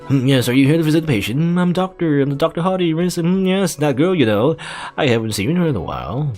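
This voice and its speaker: A man's voice: a little high, animated, quick pace, darkish tone, faint music behind, pitched above the performer's own voice, natural voice. A man voicing a fussy, pompous old male doctor while reading game dialogue aloud, humming between lines.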